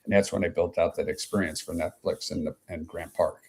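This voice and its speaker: A man's voice: low-pitched, steady tone, fairly quick, darkish tone. A man in his sixties from Chicago telling long stories as an interview guest, rambling with many fillers and asides. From Chicago, USA. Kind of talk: anecdotal storytelling in an interview.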